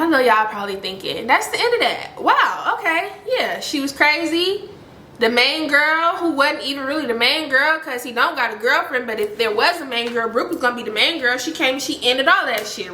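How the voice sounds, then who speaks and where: A woman in her twenties telling a story to camera in a casual, slangy, animated way, talking to viewers as y'all. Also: a little high, echoey room, a little hiss or hum. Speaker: storytime vlogger.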